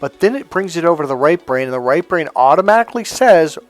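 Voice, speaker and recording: A man's voice: fairly high pitch, expressive, quick pace, faint music behind. A man coaching other men on dating in a blunt, profane, casual monologue, acting out quotes as he goes.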